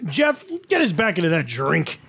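A man co-hosting a podcast, chatting casually with quick jokes and casual swearing. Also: on the high side, big pitch swings, gravelly, fairly bright tone, slightly rough. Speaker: podcast co-host. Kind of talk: casual chat.

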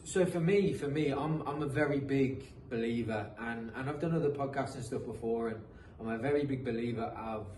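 A man's voice: medium pitch, fairly quick, hardly any pauses, a little mellow. A British man in his thirties, a professional footballer telling his story as a podcast guest, earnest and motivational with frequent restarts. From England. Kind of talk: casual interview storytelling. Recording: roomy echo, distant mic, faint noise.

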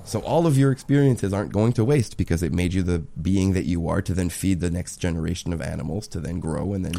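A man's voice: low-pitched, fast, creaky. A man in his twenties in casual chat, telling stories with lots of swearing and jokes. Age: 20s. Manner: animated, swearing, joking storyteller.

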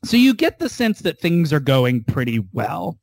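A man's voice: fairly high pitch, normal speed, vocal fry, no echo. Dry, close man recapping a show. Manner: animated storyteller, swears casually. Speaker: podcast co-host. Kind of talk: casual chat, retelling an episode.

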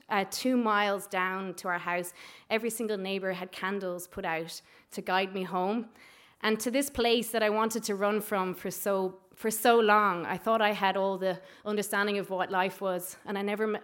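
A woman's voice: medium pitch, a bit bright. A young Irish woman tells a true story from her own life at an open mic night. She talks in a loose, chatty way, leaning on "like" and "you know". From Ireland. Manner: conversational, lots of "like" and "you know". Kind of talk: live personal storytelling.

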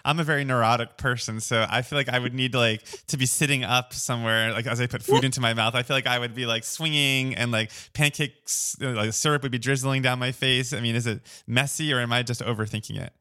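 A man's voice: medium pitch, steady tone, fast, few pauses, pushed and bright, clean tone. A man hosting a casual conversation, asking curious questions with frequent laughter and a self-deprecating manner.

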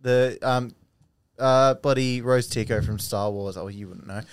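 A man's voice: mid-range voice, fairly even intonation, unhurried, smooth, dry recording, clean studio sound. A young man chatting casually as a podcast co-host, rambling, stop-start and swearing a lot. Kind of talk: casual chat.

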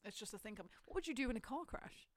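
A woman's voice: fairly high pitch, expressive, rapid-fire, no room sound, clean studio sound. A woman, hosting a podcast in casual, jokey chat and laughing often. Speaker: podcast host.

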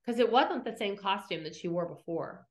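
Speaking into a podcast mic at a moderate pace, a middle-aged host casually recaps old scenes from episodes. She tells them with lively energy, performs every quote, and curses freely, her pitch ordinary and mid-range.

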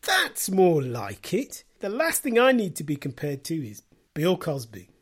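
Wry self-mocking comedian, lively pitch. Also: male voice, unhurried, husky. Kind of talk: comedy podcast monologue.

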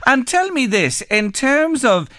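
Bright, upbeat radio host. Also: male voice, very high-pitched, very animated, no room sound, clean studio sound. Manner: upbeat, enthusiastic, drawn-out emphasis. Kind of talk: live radio interview. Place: radio studio. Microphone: studio microphone.

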